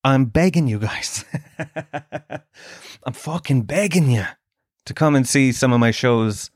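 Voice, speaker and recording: A man's voice: medium pitch, no room sound, clean studio sound. A young Irish man, a stand-up comedian, hosting his podcast in a crude, swearing, joking monologue.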